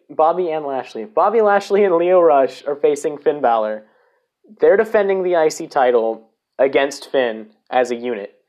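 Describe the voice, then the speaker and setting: A man's voice: a little high, a little mellow. Rambling, swearing podcast host, man. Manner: rambling, swears, interrupts and corrects himself. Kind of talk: casual solo podcast rant.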